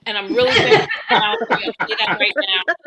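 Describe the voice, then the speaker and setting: A middle-aged woman doing a self-deprecating stand-up set, with quick punchlines and mock-soothing meditation voices. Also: fairly high pitch, sing-song, a crowd in the background, poor audio. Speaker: stand-up comic. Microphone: video call.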